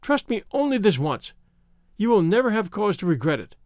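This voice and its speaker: A man's voice: high voice, sing-song, moderate pace, darkish tone, no room sound, clean studio sound. A man voicing a frightened young wife, breathless and imploring, in an audiobook reading. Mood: pleading. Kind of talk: audiobook character voice.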